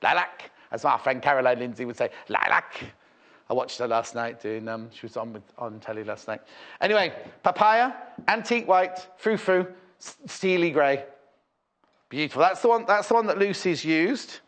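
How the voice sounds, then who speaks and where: British male shopping channel host, higher pitch, very animated, chatty and rambling. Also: moderate pace. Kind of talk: live TV selling chat.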